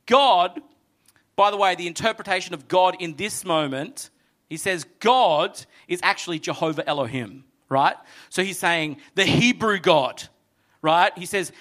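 Man, pastor, sermon, high voice, bright tone, animated storytelling, acts out characters. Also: measured pace. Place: church hall with congregation.

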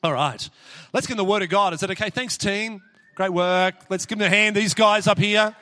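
A middle-aged pastor preaching in a church hall, his sound carrying a long, ringing reverb. His voice is bright and forward and sits a little high for a man. He talks in an animated, exclamatory way and restarts his sentences often. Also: a little fast, some chatter behind, a little hiss or hum. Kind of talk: sermon with prayer and personal stories.

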